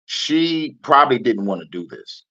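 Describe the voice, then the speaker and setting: A man hosting a profane, animated reaction commentary, laughing and swearing as he talks, with loud high mocking repeats. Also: unhurried. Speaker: reaction video host. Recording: muffled lo-fi audio.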